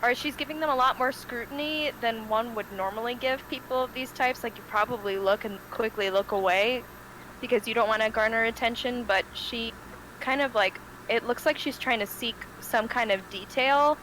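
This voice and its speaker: A woman's voice: on the high side, moderate pace, a bit bright, slight background noise, poor audio. A woman playing a tabletop game, describing her character in a chatty way full of fillers. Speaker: player. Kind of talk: casual tabletop play.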